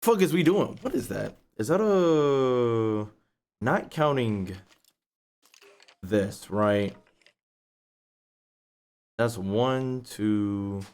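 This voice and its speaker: A young man, casually telling a profane, animated story while playing a game. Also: drawn-out words, pauses often, clear, resonant tone. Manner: profane, animated storytelling, rising pitch when retelling outrage. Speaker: gaming YouTuber. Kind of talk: casual storytelling over gameplay.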